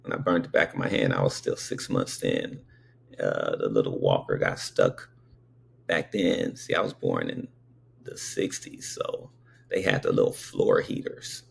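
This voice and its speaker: A man in his fifties with a low, gravelly, husky voice, telling stories slowly and conversationally. His pitch swings widely as he drifts from point to point and keeps checking in with the listener. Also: big pitch swings, slight background noise. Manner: meandering, conversational, many asides to the listener. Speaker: storyteller. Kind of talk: casual spoken recollection.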